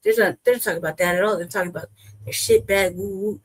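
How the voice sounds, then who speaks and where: A woman's voice: medium pitch, sing-song, quick pace, gravelly, slightly rough, poor audio. A woman hosting a reaction commentary, heated and emphatic, swearing freely as she rants. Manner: heated, profane, emphatic ranting. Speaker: host.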